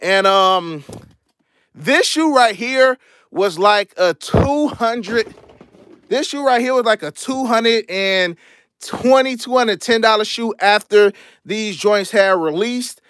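A young man hosting a casual livestream, chatting in slang about his collection and shouting out viewers who donate. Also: sits high, slow, no room sound, clean studio sound. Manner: laid-back slangy chatter, shouting out donors. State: out of breath. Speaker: sneaker channel host. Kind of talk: casual livestream show-and-tell.

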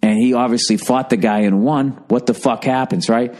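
This podcast host's medium-pitched voice has a steady tone, a moderate pace and a darkish quality. He rambles through a lengthy comic story, profane and digressive, revising himself as he talks.

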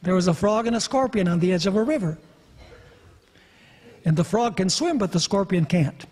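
A man's voice: high voice, expressive, moderate pace, a little mellow. A man preaching a sermon, emphatic and questioning his audience. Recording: long reverb of a hall.

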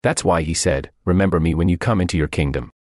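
Deep-voiced man preaching earnestly. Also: fast, a little mellow, no room sound, studio quality. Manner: earnest, emphatic preaching with repeated phrases. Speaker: voice of a translated sermon. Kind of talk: radio sermon.

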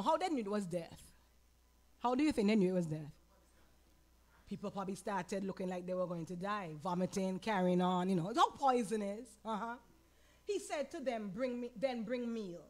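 A woman pastor with a Caribbean accent teaching a Bible lesson, animated, asking the audience questions and acting out quoted lines. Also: mid-range voice, normal speed. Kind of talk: sermon-style Bible teaching.

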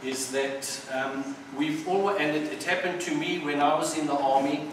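Man speaking hesitantly in an echoey hall. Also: on the high side. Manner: hesitant, many ums and restarts. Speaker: community speaker. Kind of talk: informal speech with a joke. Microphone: distant mic. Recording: echoey hall from far off with background noise.

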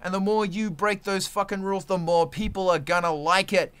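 A man with a high, bright and forceful voice, ranting on a live stream. He talks bluntly and swears constantly, fired up about making your own art. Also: fairly even intonation, brisk, clean tone. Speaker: musician hosting a live stream. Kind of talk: profane casual rant.

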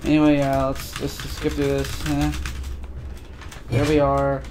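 A man's voice: medium pitch, monotone, measured pace, a little mellow, slight background noise. A man casually commentating a video game, crude and profane, loosely recapping the story as he plays. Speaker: let's play gamer.

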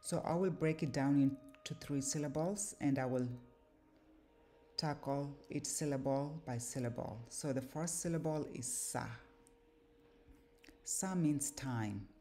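Woman teacher, very low mellow voice, slow and deliberate, lesson delivery with "uh" pauses. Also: slight background noise. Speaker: language and scripture teacher. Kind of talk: explanatory lesson.

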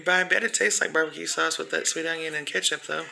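Gravelly older woman coaxing kids. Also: deep voice, fairly even intonation, fast, sharp tone, slight background noise. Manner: coaxing, chatty with young children at the table. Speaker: home cooking vlogger. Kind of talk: casual family vlog.

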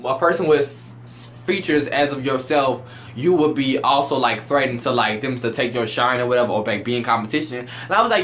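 A young man giving a loud, animated, profane rant as he reviews a reality show. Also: mid-range voice, fast talker, slight background noise.

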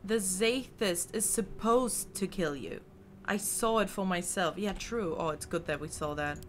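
A woman hosting a let's play, giving casual, excitable and chatty commentary on her gameplay. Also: medium pitch, measured pace, slight background noise. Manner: excitable, chatty, exclaims often.

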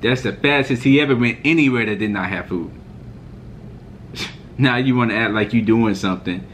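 A man's voice: mid-range voice, normal speed, fairly bright tone, slight background noise. A man vlogging a heated, mocking sports reaction rant. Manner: mocking, fired-up ranting.

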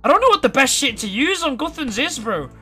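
A man streaming a game live, excitable and swearing as he reacts and talks to his chat. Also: extremely high pitch, brisk. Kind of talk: live gameplay commentary to chat.

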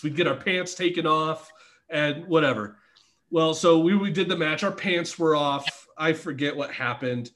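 A middle-aged former pro wrestler, guesting on a podcast, tells wrestling stories in casual chat, laughing often and swearing freely. His voice is a little high and a bit bright.

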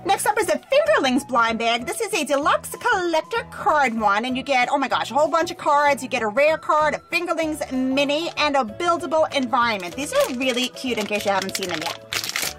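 A young woman hosting a toy unboxing video, gushing with excited, bubbly exclamations. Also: high voice, a little fast, faint music behind. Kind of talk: upbeat toy unboxing narration.

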